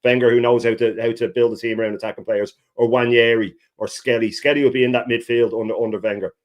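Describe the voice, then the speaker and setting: A man's voice: mid-range voice, little pitch movement. A man on a live chat as guest, talking in heated, emphatic runs. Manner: fast, heated opinions.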